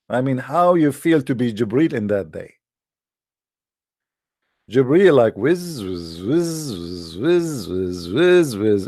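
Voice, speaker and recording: A man's voice: medium pitch, darkish tone, dry recording, studio quality. A man delivering an argumentative monologue in non-native English, full of sarcasm and rhetorical questions aimed at his listeners. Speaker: presenter of religious debate videos.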